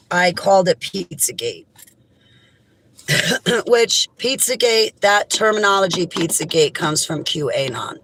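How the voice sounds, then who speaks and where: A woman vlogger delivering an impassioned, indignant monologue straight to camera, swinging between raised outbursts and low, heavy statements. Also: fairly bright tone, slight background noise, poor audio.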